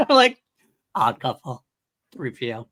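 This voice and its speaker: A man co-hosts a casual podcast chat in a bright, ringing voice. He talks in an animated way, laughs often and keeps restarting his sentences. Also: medium pitch, slow. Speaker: podcast co-host.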